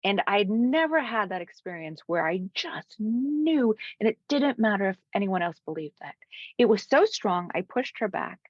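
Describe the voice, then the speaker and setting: A woman guest, a spiritual coach, telling a heartfelt personal story in an interview, dropping to soft whispers at times. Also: medium pitch, expressive, moderate pace, no echo, muffled recording. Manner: earnest, drops to soft whispers for quoted moments.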